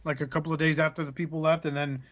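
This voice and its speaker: A man's voice: fairly high pitch, level tone, rapid-fire, a bit bright, no room sound. A man hosting a podcast, chatting casually in a joking, profane, storytelling manner. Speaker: podcast host. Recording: muffled lo-fi audio.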